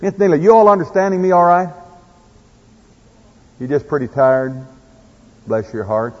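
A man's voice: on the high side, expressive, normal speed. A man with an Oklahoma accent preaching a sermon in a folksy way, telling farm stories and reading scripture. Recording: echoey hall, dull lo-fi sound.

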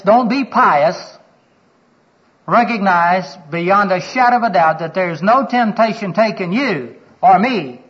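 An older man preaches with a high, husky voice, telling stories from his own life and acting out the quoted exchanges. He is earnest and often sinks to a near-hush for the confessional moments. The recording sounds dull and lo-fi. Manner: storytelling, acts out quoted dialogue with his voice; earnest, drops to a hushed voice for personal moments. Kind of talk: sermon.

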